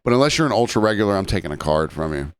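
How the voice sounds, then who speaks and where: A man's voice: fairly low pitch, racing, smooth. A man hosting a casual podcast, telling bar stories and acting out what people said. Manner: animated anecdote-telling, acts out quotes. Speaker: podcast host and bartender. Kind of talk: casual storytelling chat.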